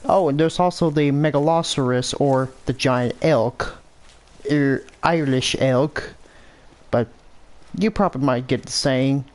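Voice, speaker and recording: A man's voice: mid-range voice, unhurried, a little mellow. An American man giving casual, rambling commentary over a hunting game, thinking aloud and correcting himself as he goes. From United States. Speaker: gameplay commentator.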